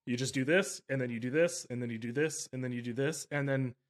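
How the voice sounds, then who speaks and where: A fast-talking man with a medium-pitched voice hosts a podcast interview in a loose, conversational style. He goes on at length, rambling and emphatic, and regularly corrects himself in the middle of sentences.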